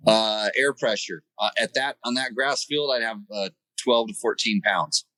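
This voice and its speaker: A man's voice: lowish voice, moderate pace, sharp tone, no echo, rough recording. A man hosting a riding-tips show by phone from the roadside, answering viewer questions with a joking, coaching manner. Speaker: host and riding coach calling in. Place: by the side of a road. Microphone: phone call-in.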